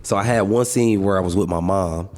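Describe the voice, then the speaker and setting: A man's voice: low voice, a little fast. A man, a comedian and actor, telling stories in casual, slangy interview chat. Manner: relaxed storytelling, slangy, animated asides.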